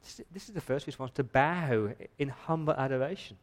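A man preaching a sermon in church with emphatic, pressing delivery. He asks rhetorical questions and often trips over and repeats his words. His voice sits at an ordinary male pitch. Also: expressive, fairly quick. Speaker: pastor.

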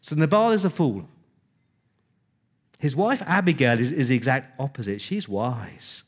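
A man's voice: mid-range voice, lively intonation, measured pace. A man preaching a sermon, retelling scripture conversationally with emphatic repetition.

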